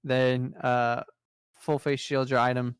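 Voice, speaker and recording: A young man co-hosting a casual podcast chat, rattling off trading cards with easy enthusiasm. His voice is smooth and clear, recorded close and dry with no room sound. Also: medium pitch, little pitch movement, slow, no room sound. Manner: enthusiastic, rattles off card lists. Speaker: podcast co-host presenting trading card news.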